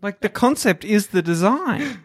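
A wry man on a comedy podcast, asking pointed questions in loose banter. His pitch moves a lot, and the recording is dry and close. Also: lively intonation, unhurried, husky, dry recording. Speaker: podcast co-host.

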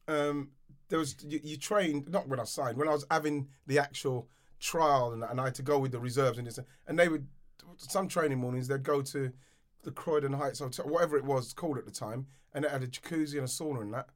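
A man's voice: medium pitch, fairly quick. A middle-aged man, chatting on a podcast and telling stories with lots of repeats and laughter. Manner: animated, laughing, repeats himself when storytelling. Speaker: podcast co-host, former footballer. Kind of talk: casual chat.

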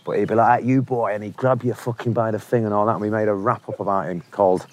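A man's voice: lowish voice, flat delivery, quick pace, a little hiss or hum. A Manchester man in his forties, a musician telling laddish, sweary anecdotes in a casual interview, laughing often. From England. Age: 40s.

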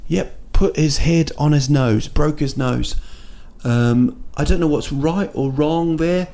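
Gravelly New man rambling comically. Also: on the high side, takes it slowly, dark tone. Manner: rambling and jokey, with many restarts and fillers. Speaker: podcast host and comedian. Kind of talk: casual comic monologue. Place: indoors at night in a city.

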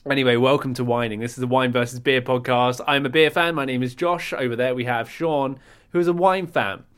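A man's voice: mid-range voice, fairly even intonation, a little fast, a bit bright, smooth. A man hosting a podcast, teasing and mock-insulting his co-host in casual banter.

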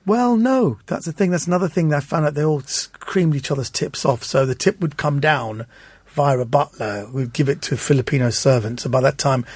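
Animated husky man telling stories. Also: fairly high pitch, a little fast. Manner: animated, acts out voices in his stories. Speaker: guest. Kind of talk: anecdotal storytelling.

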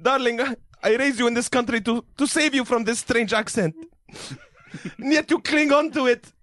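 A man's voice: very high-pitched, moderate pace, fairly bright tone, dry recording, pitched above the performer's own voice. A man voicing a fussy immigrant father who loves his flowers more than his daughters, pleading and rambling.

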